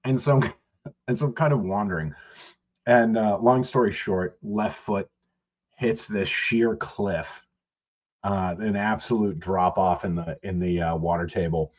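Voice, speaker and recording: A man's voice: on the low side, fairly even intonation, a little slow, muffled recording. A man co-hosting a podcast, telling rambling, profane stories in casual chat. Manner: rambling, profane storytelling with laughs. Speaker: podcast co-host.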